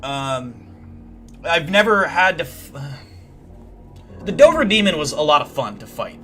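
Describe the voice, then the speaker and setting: A young man hosting a livestream, telling deadpan, boastful tall tales in a rambling way full of fillers. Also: on the high side, slow pace, soft background music. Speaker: livestream host. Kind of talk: comedic in-character livestream storytelling.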